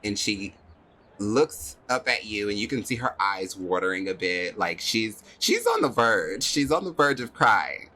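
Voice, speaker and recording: Man game master, lively swooping voice, bright tone, faint music behind. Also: lowish voice, measured pace. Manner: animated, laughing, chatty storytelling. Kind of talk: narrating a tabletop game.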